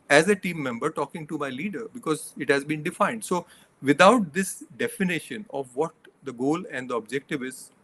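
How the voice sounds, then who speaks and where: A man's voice: a little high, fairly bright tone, slight background noise. A middle-aged man, a leadership coach, giving earnest interview answers that he builds from examples and numbered points.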